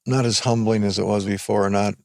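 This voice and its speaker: Older man with a flat, gravelly voice. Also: fairly low pitch. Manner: plain-spoken, reflective, unhurried. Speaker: podcast guest. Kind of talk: casual conversation.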